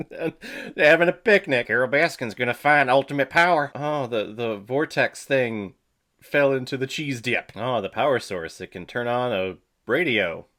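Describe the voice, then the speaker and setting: A man's voice: fairly high pitch, fairly bright tone. A man hosting a comedic movie watch-along, making irreverent jokes and swearing. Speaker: host.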